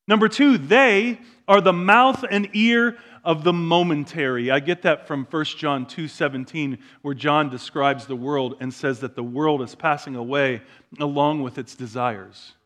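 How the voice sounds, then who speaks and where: Guy pastor preaching, kinda high voice, goes soft then punches it up loud. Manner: swings between soft, slow asides and loud emphatic preaching. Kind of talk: sermon. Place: church sanctuary.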